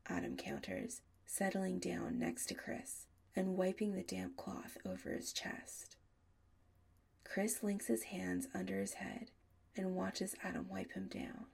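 A woman narrating an audiobook in a soft, often half-whispered delivery. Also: on the low side, expressive, measured pace, vocal fry, breathy edge.

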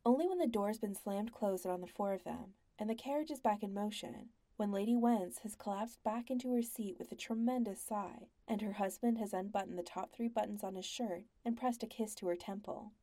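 A woman narrating a story in an even, measured audiobook style. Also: medium pitch.

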